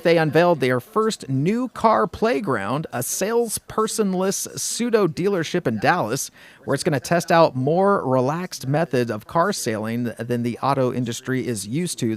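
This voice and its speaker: Animated high-voiced male radio host. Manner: upbeat, chatty, rambling with fillers and restarts. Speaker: radio morning show host. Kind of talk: casual morning radio chat. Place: radio studio.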